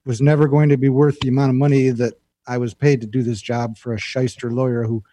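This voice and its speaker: A male guest telling stories in a casual chat, lively and acting out the voice in his head. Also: mid-range voice, fast talker. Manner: animated storyteller, acts out an inner voice. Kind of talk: casual storytelling.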